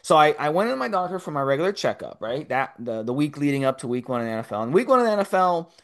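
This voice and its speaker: A man's voice: on the high side, sing-song, quick pace. A man in his forties telling a rambling, profane story in casual podcast chat. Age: 40s. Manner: profane, rambling, repeats himself. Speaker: podcast co-host.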